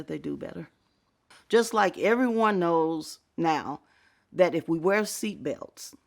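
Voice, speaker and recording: Gravelly-voiced middle-aged woman, earnest and reflective. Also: low-pitched. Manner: earnest and reflective, with soft laughs. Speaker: fire safety advocate. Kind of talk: personal testimony interview.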